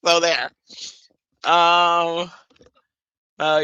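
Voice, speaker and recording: A woman chats casually through a late-night craft stream, her voice bright and forward. She tells stories with animated asides, recorded close and dry with no room sound. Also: low voice, takes it slowly, long pauses, clean tone, dry recording, poor audio. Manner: chatty, animated storytelling with playful voiced asides. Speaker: livestream craft host. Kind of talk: casual chat.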